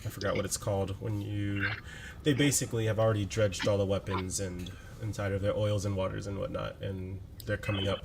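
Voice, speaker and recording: A man narrating as game master of a tabletop game, relaxed and loose, with filler words. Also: lowish voice, fairly quick, gravelly, background noise.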